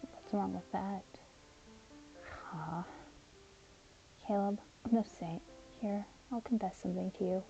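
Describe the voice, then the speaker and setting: A woman voicing a gentle, self-loathing young man named Aaron in an audio story, speaking softly and sometimes in whispers. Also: medium pitch, unhurried, long pauses, dull audio, faint music behind. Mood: despairing. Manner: soft, breathy, drops to whispers. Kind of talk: audio story role-play.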